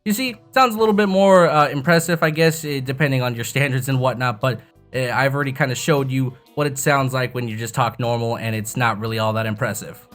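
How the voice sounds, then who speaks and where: Laid-back, profane young man explaining software. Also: mid-range voice, a little fast, faint music behind. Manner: loose, profane, self-mocking chatter. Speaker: YouTube tutorial host. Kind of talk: casual software tutorial. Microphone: desk microphone with bass-boosting EQ.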